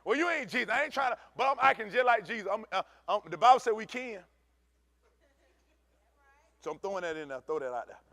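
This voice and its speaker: Pastor preaching in church, high-pitched man, animated and chatty, close dry mic. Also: brisk, pauses often, dry recording. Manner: animated preaching, swings from shouting to low asides; conversational, uses African American Vernacular English. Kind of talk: sermon.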